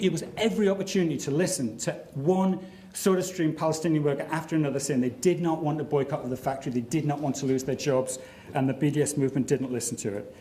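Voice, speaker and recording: A man's voice: fairly high pitch, a little mellow, a little hiss or hum. Emphatic middle-aged man debating in an echoey hall. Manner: measured, emphatic and argumentative, with rhetorical questions. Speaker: debate speaker. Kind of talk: formal debate speech. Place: large lecture hall.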